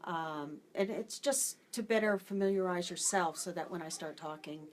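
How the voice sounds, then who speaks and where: A woman hair restoration specialist calmly explaining her work, with frequent ums. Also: lowish voice, moderate pace, slight background noise. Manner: calm, explanatory, many ums. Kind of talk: explaining to a host.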